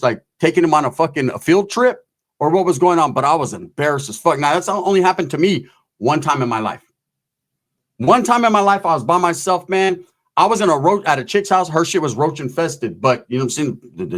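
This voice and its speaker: A man's voice: medium pitch, a bit bright. A middle-aged man telling profane, slangy comic stories in a casual way. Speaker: comedic storyteller. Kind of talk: casual comedic storytelling.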